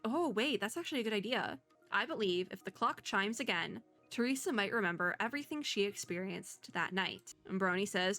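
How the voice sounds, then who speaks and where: A young woman streaming a game, thinking out loud in a chatty way and reading the dialogue aloud. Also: medium pitch, animated, a little fast, faint music behind. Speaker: VTuber gamer. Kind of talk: casual gameplay commentary.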